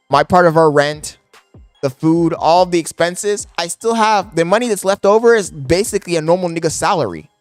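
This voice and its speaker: A young man chats with his live audience, half yelling into his microphone, swearing and laughing as he goes. His voice sits a little high and sounds dry and close. Faint music plays underneath. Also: no room sound. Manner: loud, yelling into the mic, profane, laughing. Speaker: streamer. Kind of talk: casual live-stream chat. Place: apartment. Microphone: desk microphone.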